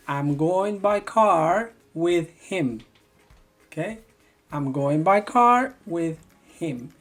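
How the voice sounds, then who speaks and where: Slow, patient woman teacher. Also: mid-range voice, a little mellow. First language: Spanish. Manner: slow, patient explaining with repeated example phrases. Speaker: Spanish teacher. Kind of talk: online language lesson.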